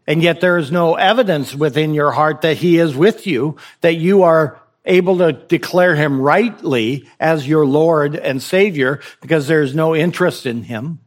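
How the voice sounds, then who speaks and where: A man preaching a sermon to his congregation, pressing his point with rhetorical questions and repeated phrases. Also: on the high side. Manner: exhorting, rhetorical questions, repetition for emphasis. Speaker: pastor.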